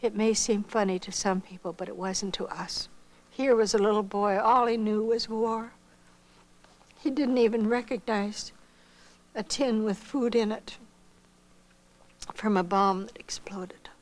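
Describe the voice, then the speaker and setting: A woman's voice: mid-range voice, a little slow, pauses often, low-quality recording. An older woman from Iowa, a missionary, recounting her own life story as spoken testimony and acting out what others said. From Iowa, United States. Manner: storytelling, acting out others' lines with lively voices.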